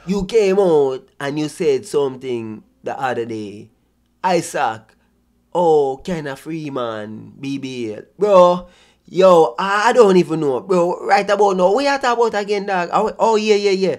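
High-pitched and animated but a little slow, a man with a Jamaican accent vlogs his reactions to clips. He sounds exasperated and mocking, and his casual commentary is patois-heavy.

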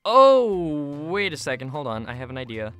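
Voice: mid-range voice, lively intonation, fast, fairly bright tone, no room sound, soft background music. A young adult gaming YouTuber giving casual commentary while playing a hard platform game, often yelping and laughing at sudden deaths. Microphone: phone mic.

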